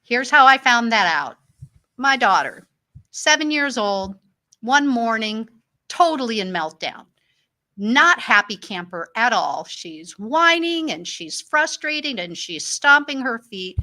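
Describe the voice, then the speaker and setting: A woman's voice: a little high, very animated, measured pace, pushed and bright. A middle-aged woman hosting a talk show, telling personal family stories in an earnest way and springing into livelier voices when she quotes others. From Illinois. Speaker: host. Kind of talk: personal storytelling monologue.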